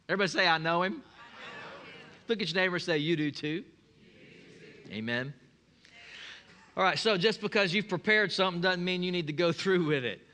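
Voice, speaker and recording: A preacher man with a high, ringing voice, delivering a sermon full of folksy humor. He tells stories with a grin and calls the congregation to answer back. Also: big pitch swings, moderate pace, bright, forceful tone. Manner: folksy, humorous storytelling with call-and-response. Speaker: pastor.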